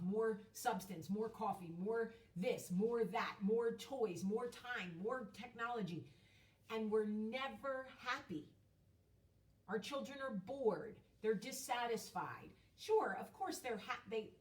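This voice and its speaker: A woman's voice: mid-range voice, a little slow, far from the mic. Chatty woman in an echoey room. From United States. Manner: chatty, emphatic storytelling with casual swearing. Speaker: host. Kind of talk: casual vlog monologue.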